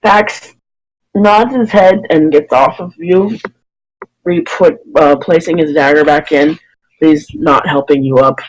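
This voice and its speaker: A woman narrating a tabletop game as dungeon master, pausing often to find her words. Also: sits low, low-quality recording. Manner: hesitant, many fillers and restarts while describing.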